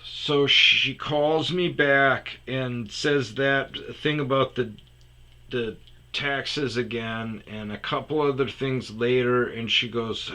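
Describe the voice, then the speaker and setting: A man's voice: mid-range voice, fairly even intonation, slow pace, pushed and bright. A man telling a rambling comedic story about a phone call, often dropping into muttered asides. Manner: rambling, restarts, drops to muttered whispers.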